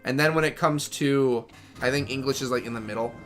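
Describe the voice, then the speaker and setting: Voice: mid-range voice, a little fast, soft background music. A gaming streamer giving casual, rambling commentary as they play, joking and self-deprecating.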